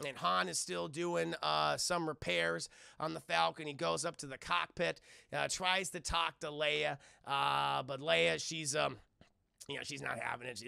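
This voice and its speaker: A man live-streaming a casual, profane, animated film review and chatting with his viewers. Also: a little high, gravelly, no room sound, studio quality. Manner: animated, profane, addresses chat.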